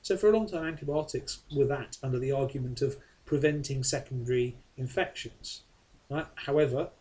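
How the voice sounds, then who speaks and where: A man's voice: mid-range voice, brisk, warm tone, rough recording. A man, teaching a recorded science lesson in a chatty way and checking in often with his listeners. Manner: chatty, keeps checking in with "okay?" and "right?".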